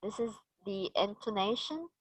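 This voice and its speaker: A woman's voice: mid-range voice, lively intonation, moderate pace, dry recording, low-quality recording. A woman running a teacher-training session, patiently explaining and asking the group questions. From Egypt.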